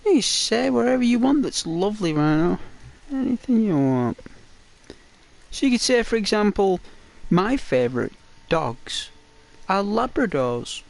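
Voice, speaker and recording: A man streaming a game and chatting with his viewers in a loose, teasing way. He talks slowly and drifts through plenty of fillers, playful and unhurried. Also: sits high, very animated, vocal fry. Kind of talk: casual chat with live viewers.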